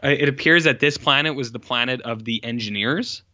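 Bright-voiced rambling man in casual chat. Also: medium pitch, brisk, no room sound, dull audio. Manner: rambling, lots of "like" fillers and self-corrections. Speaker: podcast co-host reviewing films.

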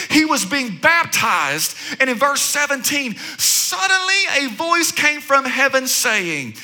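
A man's voice: very high voice, sing-song, a little slow, few pauses, pushed and bright. A man preaching a sermon, repeating phrases rhythmically, calling out to his listeners and joking with them. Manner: rhythmic repetition, call-and-response exclamations, joking asides. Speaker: pastor.

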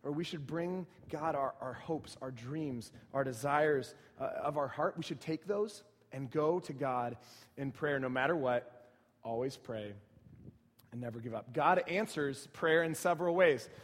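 A young male pastor delivers a sermon in a lively storytelling manner, dropping to soft, reflective asides before building to loud, excited bursts. His voice sits fairly high for a man. A long reverb trails every phrase, as in a large hall. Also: unhurried.

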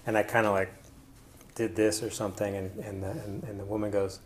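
A man's voice: on the low side, flat delivery, brisk, a little hiss or hum. A man presenting to an audience in a casual personal style, rambling with many fillers and restarts. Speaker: conference presenter.

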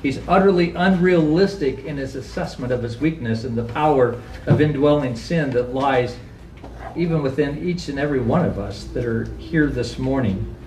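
A man's voice: moderate pace, darkish tone, distant mic, a little hiss or hum. Man preaching in an echoey church. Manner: earnest preaching, rising to high emphatic questions, acts out quotes. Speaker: pastor. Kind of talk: sermon. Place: church sanctuary.

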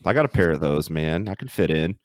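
A man's voice: a bass voice, animated, fairly quick, darkish tone, no echo. A young American man co-hosting a podcast, chatting casually and animatedly, swearing and laughing often. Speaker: podcast co-host.

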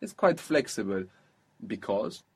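A man teaching a spoken language lesson, patiently prompting his student with questions and modelling phrases slowly. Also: on the low side, very animated, a little mellow, husky.

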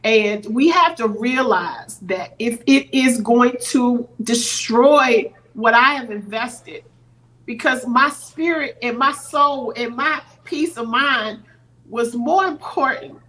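Podcast guest, woman, middle-aged, slightly high voice, earnest and teary storytelling. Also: slow, fairly bright tone, poor audio. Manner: earnest, acts out quoted voices. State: teary-eyed. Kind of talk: emotional storytelling.

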